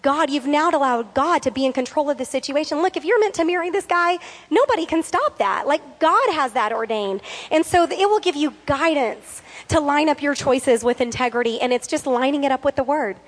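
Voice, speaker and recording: A woman giving a sermon, earnest, reading scripture slowly and repeating key lines for emphasis. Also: high-pitched, long reverb tail.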